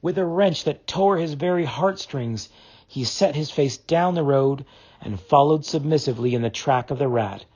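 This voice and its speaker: Expressive husky male storyteller. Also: fairly high pitch. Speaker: audiobook narrator. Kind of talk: classic novel audiobook reading.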